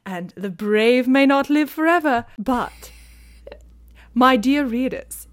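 A woman voicing a pompous high-society woman gossip columnist in a put-on British accent, loud and drawn-out. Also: expressive. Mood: grandiose. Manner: grandiose, drawn-out and theatrical.

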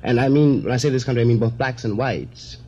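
A man speaking as a guest in a televised debate, thoughtful and measured, with a few pauses. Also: medium pitch, warm tone. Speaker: panel guest. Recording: dull lo-fi archival broadcast with faint hiss.

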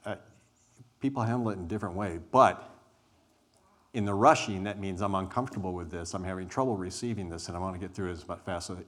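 A man with a very low voice guides a group through a spoken exercise. He talks deliberately, stressing key words and letting pauses sit. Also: a bit bright. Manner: deliberate, emphatic, with weighted pauses; says he is an introvert. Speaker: group workshop leader.

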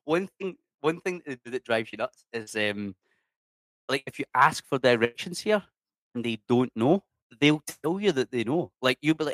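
A man, an interview guest, chatting casually with lots of swearing and lively restarts. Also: mid-range voice, a little fast, dry recording. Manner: swears freely, animated, many restarts.

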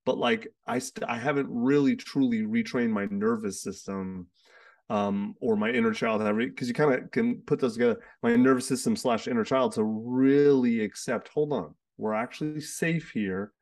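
A man's voice: medium pitch, steady tone, moderate pace, darkish tone, recorded from a distance. A man hosting a casual, heartfelt conversation, rambling with lots of restarts and fillers. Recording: sits away from the mic.

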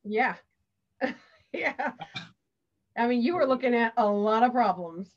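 Higher-voiced woman host with dull sound. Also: expressive, unhurried. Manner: brief reactive interjections. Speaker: podcast host. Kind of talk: interviewing.

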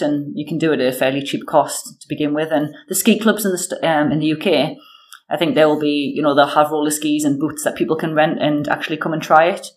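Appearing as a guest in a casual interview, a woman in her thirties from the UK has a low voice. Her storytelling is animated and full of fillers.

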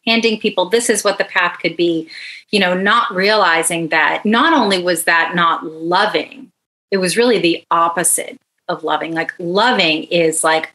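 A woman author talks on a podcast in a lowish voice. She is earnest and emphatic, building her points through rhythmic repetition. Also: a bit bright, low-quality recording. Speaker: memoir author guest. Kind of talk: podcast interview.

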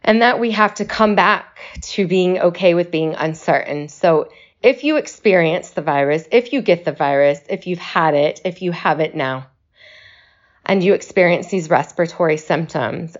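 A woman speaking slowly and reflectively in a personal video message, short of breath and pausing to reassure her listeners. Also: on the low side, lo-fi sound. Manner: slow, reflective, reassuring delivery.

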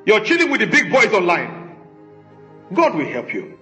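A male pastor preaching with a very high, bright, forceful voice that swoops through a lively range. He drives his points home with rhetorical questions and scolding emphasis. The recording is echoey, with faint music underneath. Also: normal speed. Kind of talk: sermon.

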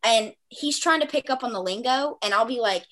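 A woman hosting a podcast in casual chat, talkative and quick to laugh, with lots of filler words. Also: a little high, fairly bright tone. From small town. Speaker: podcast host.

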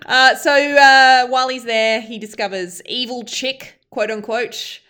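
A woman with an Australian accent, co-hosting a podcast in casual chat, animated and quick to laugh. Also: fairly high pitch, clear, resonant tone. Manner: animated, laughs often, repeats herself. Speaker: podcast co-host.

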